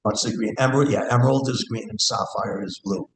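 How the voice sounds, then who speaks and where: A man's voice: fairly low pitch, brisk. A man giving a scripture class in a temple hall, speaking earnestly and thinking aloud, with hesitations and recited verse. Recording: echoey room, faint background hiss.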